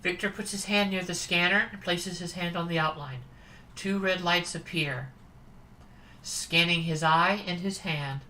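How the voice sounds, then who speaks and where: Bright-voiced woman streaming a dating sim. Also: lowish voice, measured pace, a little hiss or hum, poor audio. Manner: chatty, amused asides. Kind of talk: reading a dating sim aloud.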